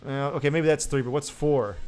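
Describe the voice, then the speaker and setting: A man's voice: a little high, brisk, a little mellow, soft background music. A man co-hosting a podcast in loose casual chat, swearing freely and often laughing. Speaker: podcast co-host.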